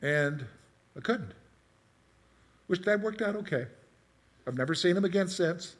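A man's voice: sits high, animated, measured pace. A middle-aged man preaching a conversational sermon, asking his congregation questions and telling personal stories. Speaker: pastor.

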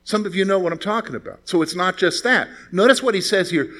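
Male pastor, slightly high voice, conversational sermon full of rhetorical questions and anecdotes. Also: brisk, hardly any pauses. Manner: conversational preaching with rhetorical questions, lively storytelling.

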